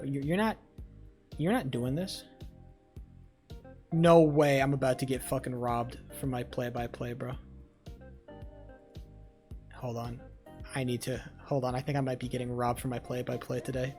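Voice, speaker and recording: A livestreamer in a blunt, profane chat with viewers on a low-set desk mic at a home setup. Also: fairly even intonation, normal speed, pauses often, soft background music. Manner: flares into loud yelling rants. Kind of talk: casual live-stream chat. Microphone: desk microphone, sounds low.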